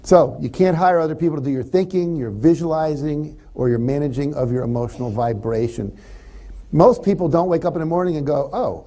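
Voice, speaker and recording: Man, motivational speaker, warm mellow tone, fairly high voice, playfully acts out quoted thoughts, live seminar feel.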